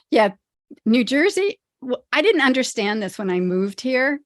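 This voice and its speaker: A woman's voice: fairly high pitch, very animated, measured pace, no echo. Woman, podcast guest, friendly, chatty, dry recording. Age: older. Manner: friendly and chatty, laughs easily. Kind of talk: casual interview chat.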